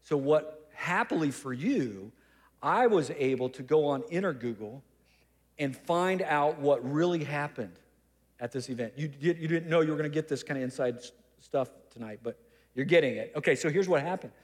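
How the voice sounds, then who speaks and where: Humorous preacher in a reverberant church. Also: male voice, fairly high pitch, animated, moderate pace. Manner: conversational and humorous, with teasing asides. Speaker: pastor. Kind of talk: sermon.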